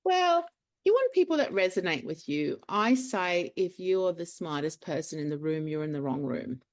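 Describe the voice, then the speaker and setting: Animated woman telling stories. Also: lowish voice, moderate pace. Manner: animated storyteller, acts out quotes. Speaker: guest, clinic owner. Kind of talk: casual interview chat.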